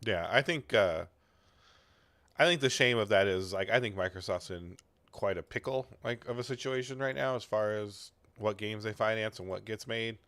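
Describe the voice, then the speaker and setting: Gravelly low-voiced man, dry close sound. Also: a bit bright, no room sound. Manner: halting, hedging, many ums. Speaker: podcast co-host. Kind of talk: casual chat.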